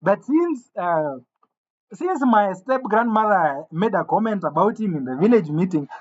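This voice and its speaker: A man telling a comic gossip story in an animated way, stammering over restarts and jumping suddenly into quoted voices. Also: sits high, measured pace. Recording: dull lo-fi sound.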